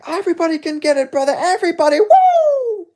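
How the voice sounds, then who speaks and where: A man doing an impression of a fighter who shouts that he will smash everybody, his voice climbing to a near-scream. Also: extremely high pitch, huge pitch swings, fairly quick, pitched above the performer's own voice, exaggerated voice. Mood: manic. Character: wild, roaring male fighter hyping himself.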